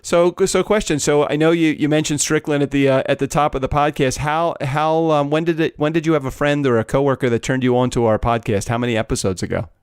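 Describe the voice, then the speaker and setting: A man's voice: a little high, steady tone, fast, hardly any pauses, smooth, no echo, studio quality. A man hosting a business podcast, asking questions in a friendly, hesitant way and laughing often. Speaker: podcast host. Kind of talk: interview host.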